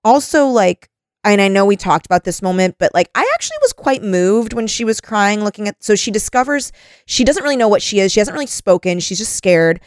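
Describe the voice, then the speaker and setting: A woman's voice: medium pitch, animated, fairly quick, no room sound, studio quality. Chatty woman hosting a podcast. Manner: agreeable, reads plot summaries aloud, frequent "like". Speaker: podcast host. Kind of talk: casual podcast chat.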